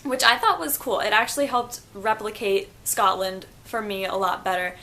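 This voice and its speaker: A woman's voice: mid-range voice, pushed and bright, slight background noise. A young woman chatting enthusiastically in a casual book review vlog, musing aloud about the story.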